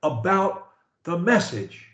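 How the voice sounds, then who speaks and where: A man's voice: sits high, big pitch swings, slow, fairly bright tone, roomy sound. A male speech coach on a call, encouraging and emphatic.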